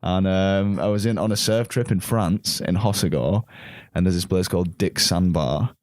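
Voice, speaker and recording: A man with a low-pitched voice tells anecdotes at a lively clip, breaking into laughter as he goes. The sound is dry and close, with no room around it. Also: normal speed, no room sound. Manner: animated storyteller, laughs often, slangy. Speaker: podcast guest, musician. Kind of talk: casual chat, storytelling.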